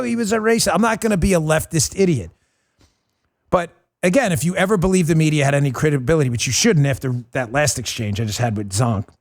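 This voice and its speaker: A male political talk-show host with a somewhat high voice for a man. He talks fast and combatively, with a sarcastic edge, pushing his points hard.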